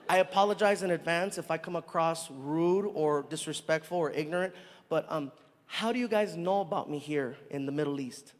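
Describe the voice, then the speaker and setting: Male stand-up comic, high voice, animated storyteller, live in a reverberant hall. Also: fairly quick. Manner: animated, conversational, acts out scenes. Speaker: stand-up comedian.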